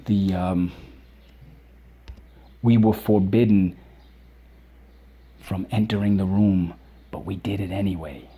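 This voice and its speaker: A man's voice: lowish voice, warm tone. A male teacher leading a children's spelling lesson, drilling words aloud, asking questions and praising answers. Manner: drills words aloud, repeats them slowly and emphatically; encouraging, asks questions and praises.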